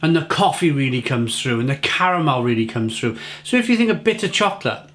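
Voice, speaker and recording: A man's voice: medium pitch, lively intonation, fairly quick, fairly bright tone, slight background noise. A middle-aged man giving a casual, enthusiastic beer tasting review, often repeating and restarting his words.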